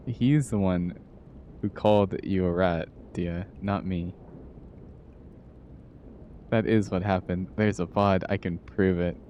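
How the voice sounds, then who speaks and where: Male streamer, low and unhurried, giggly and playful, with faint background noise. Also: muffled recording. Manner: playful, laughs often, greets chat. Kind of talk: casual live-stream chat.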